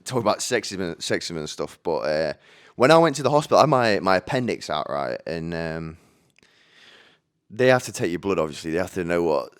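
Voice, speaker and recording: A man's voice: sits low, big pitch swings, fairly quick, smooth. A man hosting a solo podcast, rambling chattily into a microphone with many restarts and casual swearing. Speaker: podcast host. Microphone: studio microphone.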